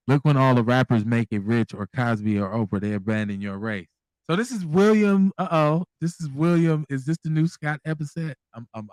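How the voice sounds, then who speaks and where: A man hosting a call-in radio show, talking candidly and bluntly, full of profanity and lively emphasis. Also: lowish voice, clear, resonant tone, no room sound. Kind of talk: casual call-in radio talk.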